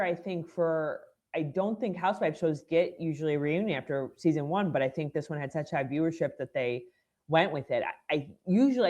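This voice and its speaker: A woman's voice: deep voice, a little mellow, muffled recording. A woman who is a guest on a podcast, chatting casually in a rambling, thoughtful way. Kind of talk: casual chat.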